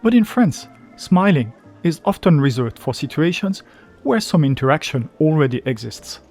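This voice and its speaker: Lively man narrating a travel guide. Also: a little high, moderate pace, faint music behind. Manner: lively explanatory. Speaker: travel video host. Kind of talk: scripted narration.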